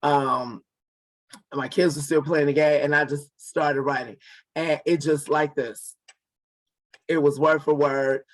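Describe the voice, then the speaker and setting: A man's voice: on the high side, steady tone, slow pace, pauses often. A man in his forties, an author and guest, telling a story casually and acting out the dialogue with many restarts. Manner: acts out quoted dialogue, repeats and restarts words.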